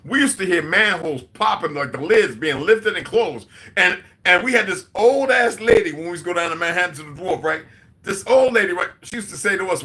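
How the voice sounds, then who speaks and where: A middle-aged man spins rowdy, profane tales for his livestream viewers. His voice sits a little high and rings bright and forceful, and he keeps turning to talk straight to the chat. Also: lively intonation, fast talker. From New York. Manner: loud, profane street storytelling, talking to chat. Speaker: livestream host. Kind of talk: casual livestream storytelling.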